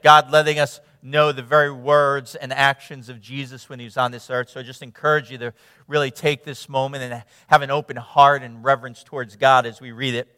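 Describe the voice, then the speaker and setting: A man preaching a sermon, reading scripture with emphatic retelling and praying in a hushed tone. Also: mid-range voice, no echo, studio quality, long reverb tail. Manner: earnest, emphatic, drops to a hushed tone in prayer. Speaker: pastor.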